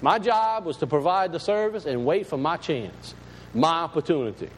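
A man's voice: on the high side, expressive, moderate pace, long reverb tail, a little hiss or hum, poor audio. A man, a pastor, preaching a sermon in a folksy, plain-spoken and emphatic way.

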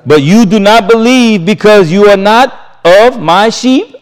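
Brief: man, Bible teacher reading scripture with commentary; emphatic, folksy, repeats key lines, voice a touch high. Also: unhurried, hardly any pauses, smooth. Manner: emphatic, repeats key phrases, chuckles between points; casual, folksy phrasing.

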